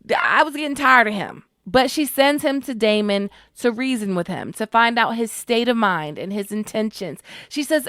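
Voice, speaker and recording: A woman giving a casual, expressive recap of a TV episode, slangy and emotionally invested. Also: fairly high pitch, normal speed, few pauses, no echo, clean studio sound. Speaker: TV show reviewer.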